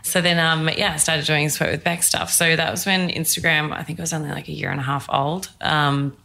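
A woman's voice: sits low, fairly even intonation, brisk, vocal fry, pushed and bright. A woman, telling her story as a podcast guest in a candid, chatty way full of "like". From Australia. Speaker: guest, fitness entrepreneur. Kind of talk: casual interview chat.

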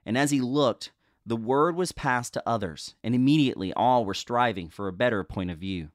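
A man reads an old ghost story aloud as host, measured and expressive. His pitch sits in the middle range. The recording is dry and close. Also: dry recording. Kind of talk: dramatic reading of a ghost story.

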